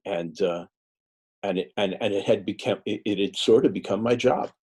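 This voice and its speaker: A middle-aged man speaking as an author at a public talk, his voice low and mellow. His storytelling is relaxed and halting, and he breaks into the voices of the people he quotes. The tone has a soft, husky grain.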